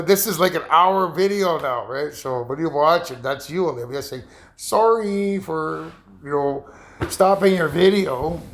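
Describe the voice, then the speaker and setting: A man in his fifties talking in a rambling, emotional personal monologue, halting and repeating himself. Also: on the high side, fairly bright tone. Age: 50s. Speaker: vlogger.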